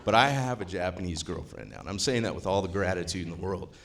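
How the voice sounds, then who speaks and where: A man's voice: sits low, quick pace, vocal fry, fairly bright tone. A man, talking casually and profanely to a live seminar audience, rambling and joking as he goes. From US Midwest. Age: 50s. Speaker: seminar attendee speaking.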